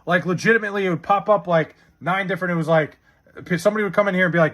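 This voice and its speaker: A man's voice: sits high, very fast, a bit bright. A man casually chatting on a live stream, reading chat messages and answering with profane, sarcastic banter.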